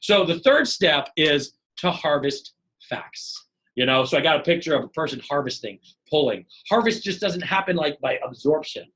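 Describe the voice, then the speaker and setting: Energetic middle-aged male leadership trainer, slightly higher voice, lively webinar delivery that slips into acted dialogue. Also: normal speed, low-quality recording. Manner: energetic, animated, acts out dialogue. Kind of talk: live webinar teaching.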